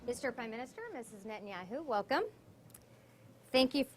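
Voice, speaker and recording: A woman's voice: fairly high pitch, a little fast, noisy background. Woman giving a formal welcome. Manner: earnest and formal, reading prepared words. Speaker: event host.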